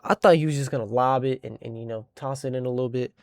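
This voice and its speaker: A young man casually telling a story, animated and slangy, making sound effects and tripping over words. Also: medium pitch, quick pace, no echo, clean studio sound.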